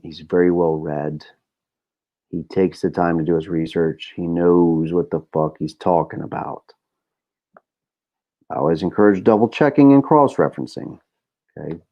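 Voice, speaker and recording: Man, middle-aged, very deep voice, slightly dull recording, candid and profane, podcast monologue. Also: mellow. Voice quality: candid and profane, rambling with many fillers. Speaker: podcast host. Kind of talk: casual monologue.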